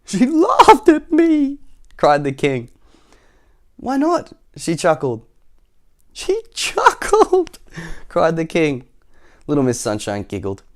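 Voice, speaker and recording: A man's voice: medium pitch, animated, lightly acted. A man doing a wailing, sobbing king. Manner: drawn-out wailing, slow sobbing words. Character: weepy miserable king, male, sobbing.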